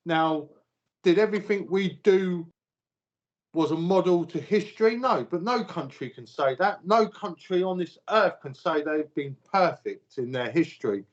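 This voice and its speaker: British man, fairly high voice, emphatic lecturing chat, muffled audio. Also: expressive, unhurried. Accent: British English. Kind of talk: casual podcast chat. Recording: slightly muffled podcast audio.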